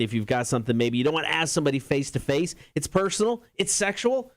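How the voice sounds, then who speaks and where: A man's voice: medium pitch, expressive. Playful male radio co-host. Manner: playful, quick to laugh, mock-offended. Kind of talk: casual morning radio banter. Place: radio studio.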